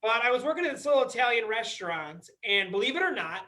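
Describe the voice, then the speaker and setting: A man's voice: extremely high pitch, sing-song, quick pace, pushed and bright, low-quality recording. A young man doing a stand-up comedy set, talking casually and acting out characters with a tough-guy swagger. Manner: conversational, acts out voices with a tough-guy swagger. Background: audience laughter.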